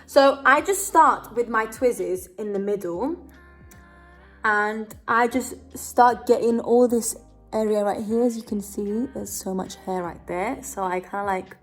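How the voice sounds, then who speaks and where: Slow, rambling young woman vlogger. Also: mid-range voice, faint music behind. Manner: rambling, full of "like" and "kinda" fillers; giggly, self-joking. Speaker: beauty vlogger. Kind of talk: casual chatty tutorial. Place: at home.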